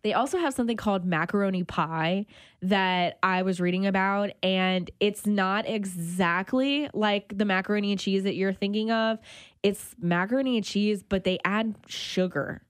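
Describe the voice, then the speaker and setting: A woman's voice: medium pitch, moderate pace, smooth, dry recording, studio quality. A woman hosting a local radio food show, chatting casually about restaurants and dishes she tried. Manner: chatty, animated about food, self-conscious laughs. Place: radio studio.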